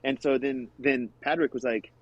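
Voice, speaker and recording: A man's voice: medium pitch, fairly even intonation, normal speed, no echo, highs cut off. A man guesting on a podcast, earnestly explaining a film with repeated words and restarts. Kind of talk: casual film discussion.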